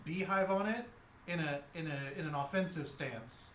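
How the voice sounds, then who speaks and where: A man narrating a tabletop game as game master, halting and restarting often. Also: fairly high pitch, fairly bright tone, echoey room, a little hiss or hum.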